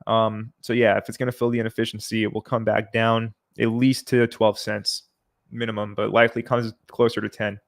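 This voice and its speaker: A man hosting a livestream, reading out viewer comments and answering them in a relaxed, chatty way. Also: on the low side, a little fast, vocal fry. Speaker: livestream host.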